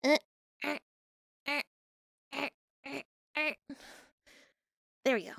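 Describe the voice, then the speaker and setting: A bubbly woman chats with her live-stream viewers, laughing often as she answers them. Her voice sits high and her talk is slow and relaxed. The sound is close and dry, with no room around it. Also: gravelly, no room sound. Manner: bubbly, giggly, reads and answers chat. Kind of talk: casual live stream chat. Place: home office with cats.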